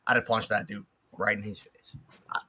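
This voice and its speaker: Bright-voiced man swearing bluntly. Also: fairly low pitch, fairly even intonation, moderate pace, slightly rough. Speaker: podcast co-host. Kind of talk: casual podcast banter.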